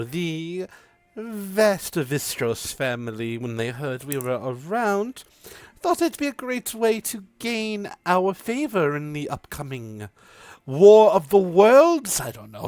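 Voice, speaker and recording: A man's voice: big pitch swings, a little slow, dry recording. Man putting on a flirty aristocratic mother. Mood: flirtatious. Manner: theatrical, teasing, swoops up high.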